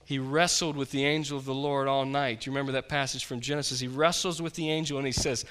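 Bright-voiced impassioned preacher man. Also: medium pitch, level tone, quick pace, few pauses, big-room sound. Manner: impassioned preaching, swinging from loud to hushed. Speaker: pastor. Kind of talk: sermon. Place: church.

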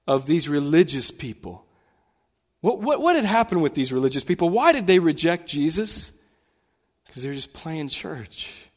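A man preaching a sermon as pastor in a church, animated, his voice climbing higher and louder when he retells scenes. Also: in a large hall. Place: church sanctuary.

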